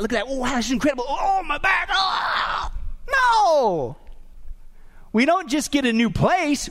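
A man preaching a sermon as pastor, animated and humorous, tossing questions out to the congregation. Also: very high voice. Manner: call-and-response questions to the congregation.

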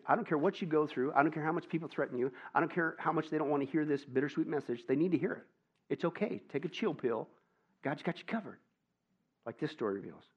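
A male pastor preaching a lively, conversational sermon and tossing questions to his listeners, on a dull lo-fi recording. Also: a little high. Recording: dull lo-fi sound.

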